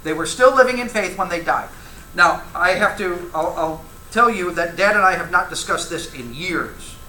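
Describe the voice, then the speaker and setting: Lively, bright-voiced man teaching Bible class. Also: sits high, normal speed, a little hiss or hum. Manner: conversational, asks the class questions, reads scripture aloud. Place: church classroom. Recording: echoey room, faint ambience.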